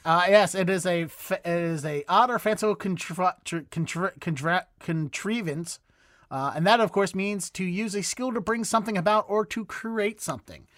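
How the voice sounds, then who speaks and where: A man with a Boston accent hosting a casual comedy podcast. He has a high voice and a dry, close recording. He rambles along and keeps tripping over longer words. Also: normal speed, a bit bright, no room sound. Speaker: podcast host.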